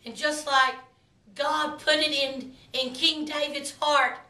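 A woman minister delivering a sermon in a slow, emphatic preaching cadence. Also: high-pitched, level tone, bright, forceful tone, roomy sound, distant mic.

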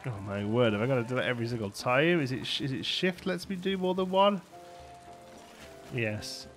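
A man's voice: mid-range voice, moderate pace, faint music behind. A man casually commentating a city-building game as he plays, chatty and rambling, laughing often and thinking aloud. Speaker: let's play host.

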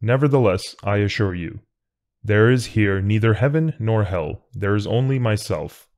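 A man reading an audiobook, voicing a godlike disembodied presence in a measured, tolerant, coolly matter-of-fact way. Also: fairly low pitch, lively intonation, a little mellow. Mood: calm, tolerant. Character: calm all-knowing godlike male voice.

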